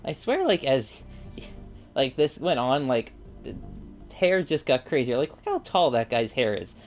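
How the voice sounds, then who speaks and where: A man's voice: medium pitch, very animated, a little slow, faint music behind. Rambling man commenting on gameplay. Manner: rambling, chatty, many fillers. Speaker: let's play gamer.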